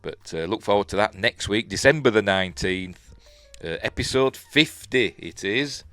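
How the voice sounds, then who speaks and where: Yorkshire man, very low voice, casual rambling review, mumbles and chuckles, faint music underneath. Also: lively intonation, normal speed, fairly bright tone, no echo. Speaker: show host and reviewer.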